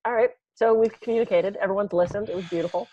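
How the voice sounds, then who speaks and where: A woman's voice: medium pitch, fast, warm tone, muffled recording, a little hiss or hum. A woman co-hosting a podcast, telling sarcastic jokey stories in casual chat. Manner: joking, sarcastic storyteller. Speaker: podcast co-host.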